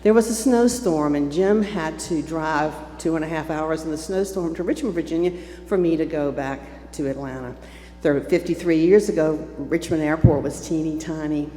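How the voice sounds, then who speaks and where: Older woman with a low voice telling a story from the pulpit, recorded with long church reverb and faint hum. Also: moderate pace. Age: 70s. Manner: lively, acting out the voices in her story. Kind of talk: personal storytelling to a congregation. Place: church sanctuary.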